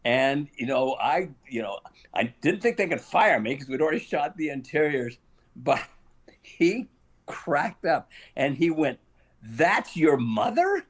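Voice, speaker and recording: An older man with a fairly high voice speaks unhurriedly as a guest actor on an interview show. He spins a long anecdote, chuckling often and acting out the lines he quotes with animated flair.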